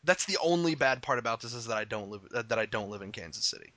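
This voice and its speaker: A man from Arkansas co-hosting a casual chat, excitable and profane, laughing often. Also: medium pitch, fast talker, dry recording. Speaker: podcast co-host.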